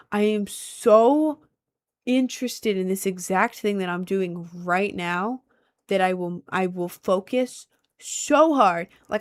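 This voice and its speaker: Young woman streamer, casual and scattered, talks straight to chat. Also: mid-range voice. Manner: rambling, chatty, swings between loud and mumbled. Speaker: livestreamer and musician. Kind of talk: casual livestream chat reading comments.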